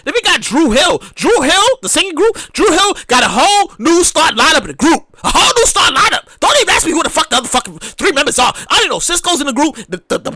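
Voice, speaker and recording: A tipsy podcast host ranting loudly in a casual, excitable way, often shouting and restarting sentences. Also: sits high, fast talker, hardly any pauses, dry recording. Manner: rambling with many restarts.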